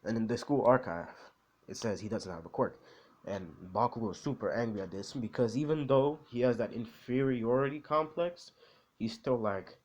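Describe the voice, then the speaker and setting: A man's voice: mid-range voice, normal speed, darkish tone. A man in casual chat, rambling in slangy speech with lots of fillers. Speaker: anime vlogger.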